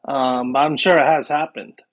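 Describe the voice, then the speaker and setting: A man's voice: mid-range voice, fairly even intonation, unhurried. Rambling man chatting on a podcast. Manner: rambling, many fillers and restarts. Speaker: guest paranormal investigator and scuba diver. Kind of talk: casual podcast chat.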